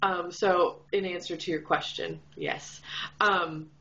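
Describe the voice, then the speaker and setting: In a window-lit room, a young Kansas vlogger talks casually to the camera, bubbly and heavy on fillers, her Midwestern accent carrying a faint Southern twang. Her voice sits fairly low but swings widely in pitch, and she speaks slowly with a sharp tone. The recording is low quality.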